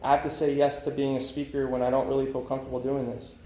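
This thirty-something man talks fast and in a monotone, his medium-pitched voice warm in tone, while sharing his own recovery story at a meeting. He rambles candidly, leaning on plenty of fillers. Slight background noise, faint ambience, and the echo of a meeting room come through.

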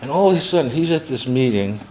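A man's voice: medium pitch, animated, quick pace, darkish tone, slight background noise, rough recording. A man in his seventies giving a personal testimony to a recovery meeting, rambling through his story with profanity and self-mocking humor. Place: meeting room with a small audience.

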